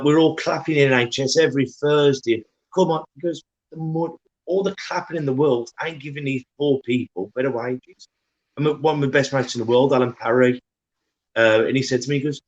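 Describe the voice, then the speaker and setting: A man's voice: medium pitch, rough recording. A man co-hosting a podcast, ranting and telling stories animatedly in casual chat. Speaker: podcast co-host.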